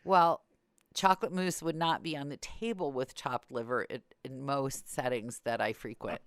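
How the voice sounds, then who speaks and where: A woman's voice: extremely low pitch, normal speed, no room sound. A woman hosting a podcast in casual chat, telling wry stories and acting out quotes. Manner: wry, storytelling with acted-out quotes. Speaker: podcast host.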